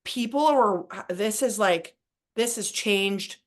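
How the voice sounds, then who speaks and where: A woman's voice: medium pitch, slow pace. Woman podcast co-host, chatty and rambling, casual spiritual talk. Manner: rambling and excitable, heavy use of "like".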